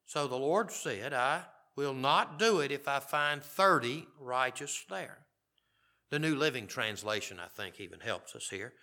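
Bright-voiced male preacher. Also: medium pitch, animated, unhurried. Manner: reads scripture aloud and comments conversationally. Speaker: pastor. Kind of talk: sermon.

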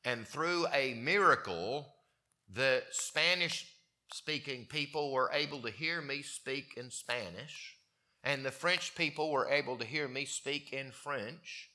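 Bright, forceful male preacher. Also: mid-range voice, takes it slowly. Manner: reads scripture aloud and explains it conversationally. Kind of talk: sermon, Bible exposition.

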